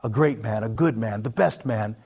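A man narrating a story in the second person, in an expressive, intimate, vivid way. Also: fairly low pitch, moderate pace, husky.

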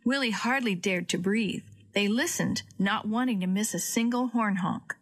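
Female storyteller, clear children's-story narration, middle pitch. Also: normal speed.

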